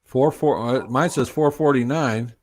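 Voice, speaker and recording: A man's voice: medium pitch, unhurried, a little mellow, dry recording. A man joining a live stream as a guest, chatting casually and easily. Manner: easygoing, brief replies, laughs along. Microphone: computer mic.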